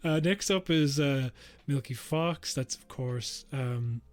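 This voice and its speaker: A man's voice: medium pitch, takes it slowly. An Irish man co-hosting a podcast, chatting casually, giggling often and trailing off with ums while he works out puns. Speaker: podcast co-host. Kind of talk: casual comedic chat.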